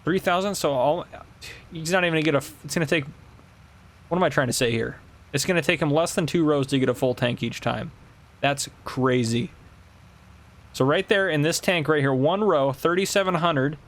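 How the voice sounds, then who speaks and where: A man hosting a farming game video, chatting casually and thinking out loud as he does sums and plans his next moves. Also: fairly high pitch, normal speed. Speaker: gameplay video host. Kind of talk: casual gameplay commentary.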